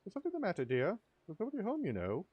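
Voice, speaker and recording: A man's voice: high voice, huge pitch swings, racing, lo-fi sound, slight background noise, voice pushed up. A man voicing a chatty old neighbor woman who gossips in a fussy, sympathetic way. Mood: gossipy. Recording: faint music behind.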